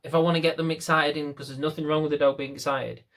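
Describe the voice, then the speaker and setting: A man's voice: fairly high pitch, flat delivery, fast talker, a bit bright. A young man, a dog trainer, talking casually to camera in a blunt, rambling, self-mocking way.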